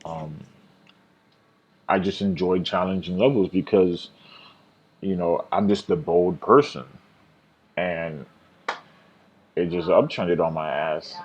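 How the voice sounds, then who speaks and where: A deep-voiced man walks through his day trades in a casual, rambling vlog. He second-guesses himself, restarts his sentences and fills the gaps with ums. The audio is dull and lo-fi. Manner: rambling and self-critical, with many fillers and restarts. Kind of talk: casual trading recap vlog.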